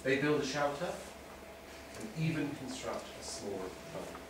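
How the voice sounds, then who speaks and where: A man's voice: mid-range voice, animated, a little slow, background noise. A man teaching a literature lesson to a class, chatty with wry asides. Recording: echoey classroom from far off.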